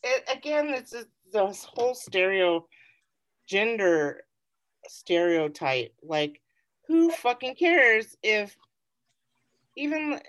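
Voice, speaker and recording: A woman's voice: mid-range voice, slow, pauses often, no echo. A woman co-hosting a podcast who tells stories casually and animatedly, full of "like" and "you know.". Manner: animated storytelling, filler-heavy. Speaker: podcast co-host. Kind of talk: casual chat.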